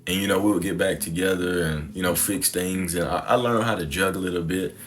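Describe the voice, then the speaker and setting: A man's voice: deep voice, a little fast. A young man telling his personal story to the camera in a reflective, conversational, slangy way. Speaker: content creator.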